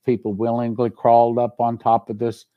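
A man's voice: medium pitch, monotone, moderate pace, no room sound, narrow, tinny audio. A male pastor delivering a sermon, telling stories earnestly and reading scripture aloud. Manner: earnest storytelling preacher, reads scripture aloud.

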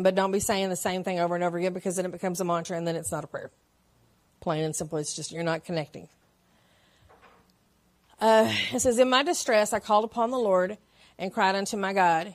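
Woman Sunday school teacher, mid-range voice, chatty storytelling between slow, deliberate scripture readings. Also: medium pitch. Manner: chatty, with personal stories and frequent laughs; reads scripture slowly and deliberately.

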